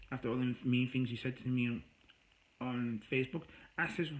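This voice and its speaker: Tired guy venting about a breakup, rambly, sighs a lot then snaps angry, mid-pitched voice. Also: brisk, fairly bright tone, poor audio. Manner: emotional, rambling, angry bursts, weary sighs. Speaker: vlogger. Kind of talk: venting personal story to camera.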